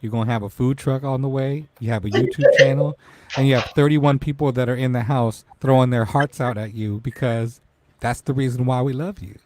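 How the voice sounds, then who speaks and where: A man's voice: medium pitch, steady tone, fairly quick. A man in his forties hosting a casual live-stream talk show, emotional and tearful as he speaks to his guest. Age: 40s.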